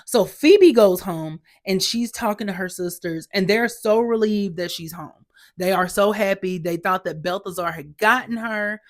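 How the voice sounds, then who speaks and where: A woman hosting a podcast, giving a sassy, exasperated, animated recap of a TV episode. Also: mid-range voice, unhurried. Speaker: podcast host.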